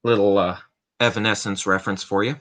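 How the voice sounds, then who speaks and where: A man's voice: lowish voice, fairly even intonation, fairly quick, a bit bright. A man hosting a casual Q&A livestream, rambling and cracking self-mocking jokes. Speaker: livestream host. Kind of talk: casual Q&A stream chat.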